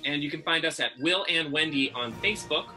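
A man's voice: on the high side, fairly quick, over music. A man from Massachusetts hosting a podcast, chatting casually over a video call and wandering into self-deprecating tangents. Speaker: podcast host.

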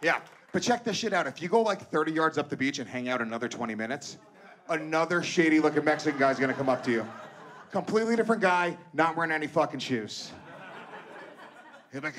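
A man doing a stand-up comedy set on stage, with a loud, animated delivery, profane banter with the crowd and shouted character voices. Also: on the high side, fast talker, noisy background. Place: comedy stage before a live audience.

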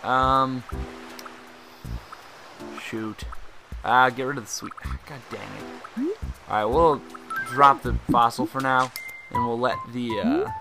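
A young man hosts his own gaming video, talking through the game in a rambling, chatty way. His voice sits at a middling pitch and jumps into excited shouting at big moments. Game music plays clearly behind him. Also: slow, pauses often. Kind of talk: let's play commentary.

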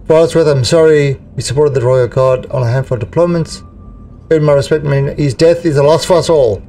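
A calm, steady mercenary officer, read out by a man, briefing the pilot in a reassuring way. The voice sits a little high and sounds a bit far from the mic, with soft music behind. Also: brisk, close to an everyday voice.

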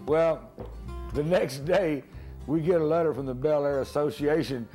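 A man in an interview tells a lively anecdote, picking up speed as he goes. His voice is mellow and relaxed. Faint music sits under his voice. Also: medium pitch, normal speed. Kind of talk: anecdotal storytelling.

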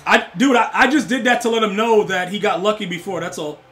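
High-voiced excitable male game streamer. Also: fairly quick, slight background noise. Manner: excitable, swears, loud outbursts at the game; teasing banter with chat. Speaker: gaming streamer. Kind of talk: live game-stream chat with viewers.

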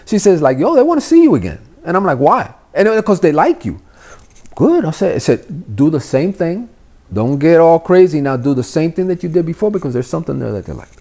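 A little high and fairly quick, this voice comes from a middle-aged podcast guest from Miami whose family is Cuban. He tells loose, curse-filled stories in a casual chat, animatedly performing the different voices.

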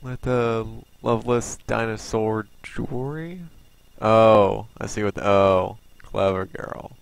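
A young man giving profane, excitable let's play commentary with yelling outbursts. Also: fairly low pitch, takes it slowly, creaky, clean tone, no room sound. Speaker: gamer. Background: game music and gunfire.

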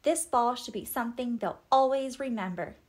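A woman voicing a gentle, caring young queen in a storybook read-aloud, speaking earnestly. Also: fairly high pitch, normal speed, lightly acted.

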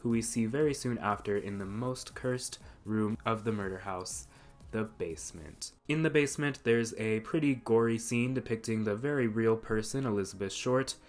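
A man's voice: lowish voice, moderate pace, darkish tone, soft background music. A man narrating a scripted video essay, with dry sarcastic asides.

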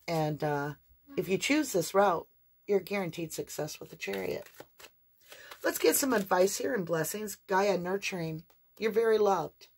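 A woman doing an animated, affectionate tarot reading for her viewers, with sing-song emphasis and a chatty, conversational flow. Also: lowish voice, breathy edge. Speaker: tarot reader. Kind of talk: spiritual tarot reading to camera.

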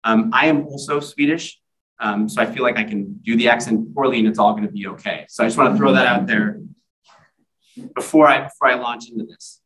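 A man's voice: medium pitch, fairly quick, fairly bright tone. Male author, library reading, self-deprecating humor, chatty asides with ums, mid-range voice, distant mic. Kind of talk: book reading at a library event. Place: library event room.

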